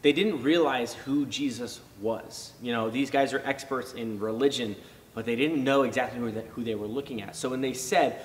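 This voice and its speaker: A man's voice: medium pitch, brisk, recorded from a distance, slight background noise. Casual youth-pastor man in a reverberant hall. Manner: casual, conversational, many fillers and restarts; animated when acting out reactions. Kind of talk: youth sermon.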